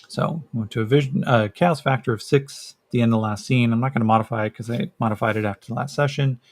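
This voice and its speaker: A man narrating a solo tabletop role-playing game as game master, casual and hesitant with many fillers. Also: lowish voice.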